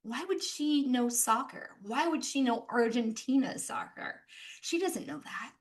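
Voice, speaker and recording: A young American woman giving an animated business presentation, mixing practical points with playful travel stories. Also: a little high. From United States. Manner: lively, animated storytelling with playful asides. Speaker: speaker at a business session. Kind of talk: presentation talk.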